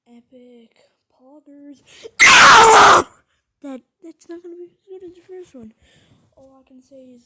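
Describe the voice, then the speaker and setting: A woman's voice: sits high, fairly quick, dark tone, a little hiss or hum. A teenage girl from Australia putting on an American accent, rambling casually in a vlog and often dropping to a whisper. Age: teens.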